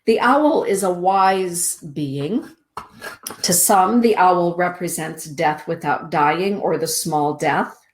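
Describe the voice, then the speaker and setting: A middle-aged woman hosts a spiritual show and reads oracle cards to listeners. Her voice sits low and she takes her time, stretching out words in a calm, measured delivery. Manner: slow, soothing, deliberate delivery with drawn-out words. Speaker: host giving oracle card readings. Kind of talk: spiritual radio show card reading.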